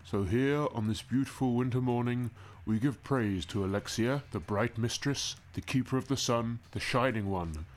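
A man's voice: mid-range voice, moderate pace, lightly acted. A man voicing a smug, cruel male sun-cult priest who preaches in a sanctimonious, mocking sermon cadence during a tabletop game. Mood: solemn mocking. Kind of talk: acted tabletop game narration.

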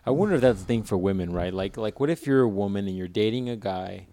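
A man's voice: fairly low pitch, lively intonation, fast, dark tone. A man co-hosting a podcast in crude, casual banter, riffing and acting out other people in quoted voices.

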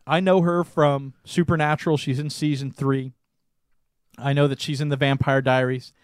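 A young man co-hosting a podcast, telling a story in casual chat, animated and laughing often. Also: medium pitch, normal speed, no echo, clean studio sound. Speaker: podcast co-host.

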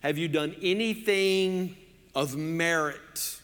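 A man voicing an impressed, kindly old saint who keeps the gates, asking questions slowly and gently. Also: fairly high pitch, clear, resonant tone, big-room sound.

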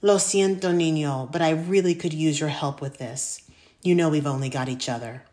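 A woman's voice: sits low, moderate pace, warm tone, natural voice. A woman voicing a caring mother who coaxes her son and drops Spanish endearments. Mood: coaxing. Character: warm bilingual mother, caring, persuasive.

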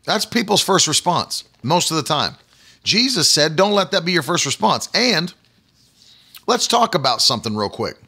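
Emphatic preacher man, bright voice. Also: fairly high pitch. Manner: emphatic, repeats phrases, talks to online viewers. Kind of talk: livestreamed sermon.

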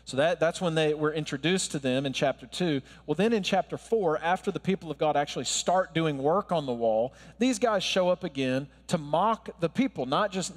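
A man in his thirties delivers a sermon in a conversational, wry way with asides to the listeners. His voice sits a little high for a man, and a long hall reverb trails every phrase. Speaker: pastor.

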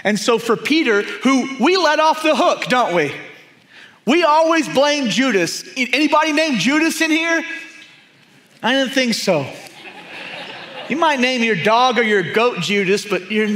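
A man preaching a sermon, emphatic and repetitive, often dropping to a hushed, intense tone. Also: very high voice. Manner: emphatic, repeats key phrases, drops to hushed intensity.

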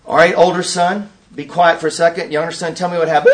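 A man giving a preaching-style conference talk, an animated storyteller who acts out scenes and asks the audience rhetorical questions. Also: on the high side, a little fast, pauses often, far from the mic. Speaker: workshop speaker at a conference.

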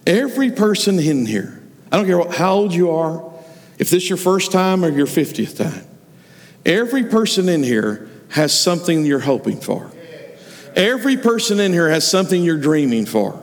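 A man's voice: fairly high pitch, very animated, normal speed. A man preaching a sermon, retelling stories and acting out the voices of the figures he quotes. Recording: long hall reverb.

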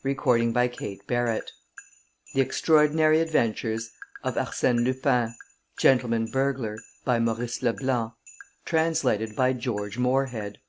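A woman reading a classic novel aloud as an audiobook narrator, measured and formal. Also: a bass voice, a little mellow, a little hiss or hum. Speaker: audiobook reader.

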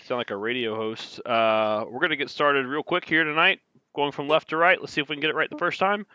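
A man's voice: on the high side, steady tone, a little fast, bright, forceful tone, dry recording, muffled recording. A man acting as game master, casually recapping the last session of a tabletop game with loose, rambling talk. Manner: casual, rambling with fillers and restarts, chuckles.

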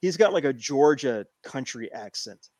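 A man in casual chat, animated and repeating phrases as he tells a long story. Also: mid-range voice, normal speed, no room sound. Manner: animated, repeats himself while telling a story.

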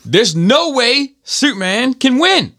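A man imitating a shouting former Marine drill instructor who clips the ends of his words. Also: very high voice, very animated, slow pace, voice pushed up, exaggerated voice. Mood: barking. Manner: clipped, trails off word endings.

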